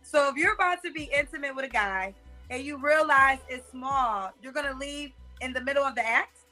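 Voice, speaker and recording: Quick bright-voiced woman host. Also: high-pitched, faint music behind. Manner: incredulous, probing questions. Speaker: talk show host. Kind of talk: talk-show interview.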